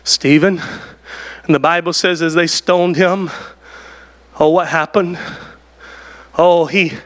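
A man preaching a sermon with passion, often starting phrases with "oh" and rising to shouts for emphasis. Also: fairly high pitch, fairly even intonation, slow pace. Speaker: pastor.

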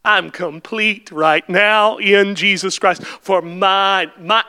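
A male preacher delivering a sermon, swelling into shouted, repeated refrains and then dropping back to quiet, questioning speech. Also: sits high, fairly even intonation, slow, hardly any pauses, clear, resonant tone. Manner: builds to impassioned shouted climaxes, then drops to quiet.

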